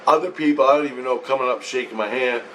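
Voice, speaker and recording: A man's voice: mid-range voice, fast talker, a bit bright, recorded from a distance, slight background noise, rough recording. A man telling a long dream story in a meandering, profane way, repeating himself as he goes. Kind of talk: rambling first-person dream account.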